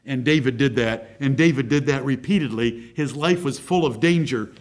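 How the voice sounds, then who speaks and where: A man's voice: mid-range voice, moderate pace. A male pastor preaching a sermon, driving points home with rhetorical questions.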